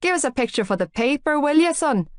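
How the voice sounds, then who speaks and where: A woman's voice: high-pitched, expressive, a little fast, no room sound, clean studio sound, pitched above the performer's own voice. A woman reading an audiobook, voicing a burly, pushy press photographer. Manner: brusque and pushy. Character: brash burly middle-aged male press photographer. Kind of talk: audiobook character voice.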